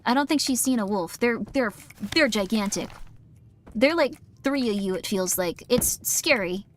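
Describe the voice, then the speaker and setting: A woman's voice: on the high side, expressive, normal speed. Rambling streamer woman over faint game music. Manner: rambling, self-mocking, jumps into quoted voices. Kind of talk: casual game stream chat.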